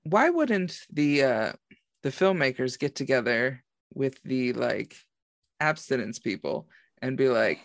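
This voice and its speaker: A man's voice: medium pitch, very animated, takes it slowly. A man chatting casually about a movie, rambling with lots of fillers. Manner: rambling, filler-heavy storytelling. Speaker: podcast co-host. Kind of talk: casual movie review chat.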